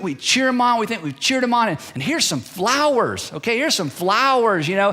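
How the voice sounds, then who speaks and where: Man, pastor, high voice, preaching, repetitive emphatic lines. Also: animated, a little fast, few pauses, fairly bright tone. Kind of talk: sermon.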